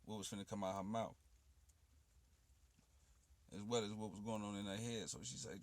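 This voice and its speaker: A man's voice: lowish voice, little pitch movement, fairly quick, a bit bright, no room sound. A man telling a personal story in loose, rambling street slang with frequent asides. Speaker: poet and channel host.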